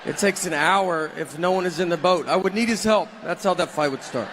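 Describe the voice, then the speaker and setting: Southern guy doing deadpan standup, kinda high voice, noisy live room. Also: fairly quick. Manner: deadpan storytelling. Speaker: stand-up comedian. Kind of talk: stand-up set. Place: comedy stage. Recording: noisy live venue recording. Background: audience laughter.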